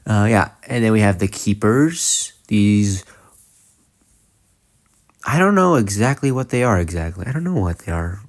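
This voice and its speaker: A man's voice: lowish voice, expressive, moderate pace, no echo, clean studio sound. A young man giving casual, jokey fan commentary, rambling and interrupting himself as he goes. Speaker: video creator.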